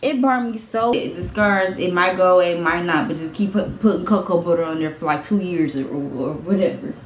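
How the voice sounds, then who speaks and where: Animated young woman telling a storytime. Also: fairly low pitch, brisk, reverberant, a little hiss or hum. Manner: animated, swears, repeats herself, laughs while telling. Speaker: vlogger. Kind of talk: storytime vlog.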